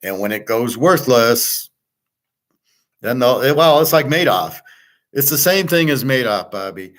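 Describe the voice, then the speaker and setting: A man's voice: mid-range voice, lively intonation, measured pace, fairly bright tone. A man hosting a casual monologue show, talking bluntly and profanely with many restarts and trailing fillers. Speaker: podcast host and betting tipster.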